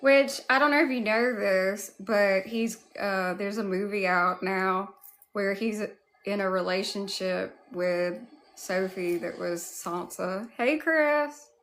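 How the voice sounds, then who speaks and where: A woman's voice: mid-range voice, slow pace. A woman with a Southern US accent hosting a casual livestream, greeting chatters by name. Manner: warm greetings to chat, drawling. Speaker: livestream host. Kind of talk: casual live chat.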